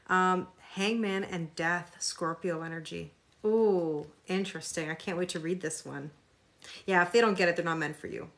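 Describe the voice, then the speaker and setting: Hosting a tarot session live, a woman with a lowish voice banters with her audience in a sarcastic, chatty manner and reads out what the cards mean.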